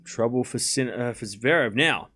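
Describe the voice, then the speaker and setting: On his live tennis watchalong stream, a man calls shots and the score in easygoing play-by-play while chatting with viewers and thanking supporters, now and then scolding chat in a playful way. He speaks at a moderate pace with a medium pitch and a sharp, husky tone.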